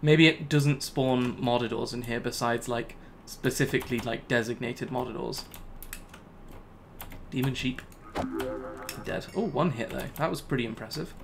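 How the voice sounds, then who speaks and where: A man's voice: mid-range voice, normal speed, creaky, noisy background. A man giving casual Let's Play commentary, talking to himself and laughing at his own mistakes. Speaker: gaming YouTuber.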